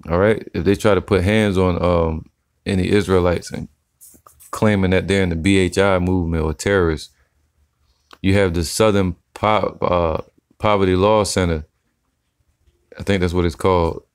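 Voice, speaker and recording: A man giving casual, slangy religious commentary, reading scripture slowly and tagging his sentences with "man". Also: sits low, steady tone, clean tone, dry recording, studio quality. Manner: slangy, profane, preachy, says "man" often; slow deliberate scripture reading.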